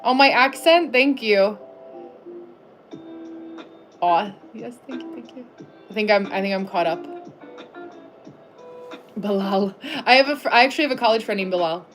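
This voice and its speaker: A middle-aged American woman hosting a casual livestream, chatting and reading viewers' names aloud in a friendly way, with soft music behind her. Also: mid-range voice, moderate pace, pauses often. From United States. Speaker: livestream host.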